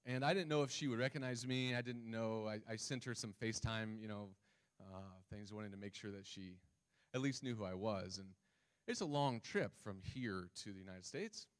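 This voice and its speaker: A man's voice: lowish voice, normal speed, clear, resonant tone. A man preaching a sermon, reading scripture and talking casually with the congregation, often asking them questions. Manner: conversational, asks the congregation questions. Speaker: pastor.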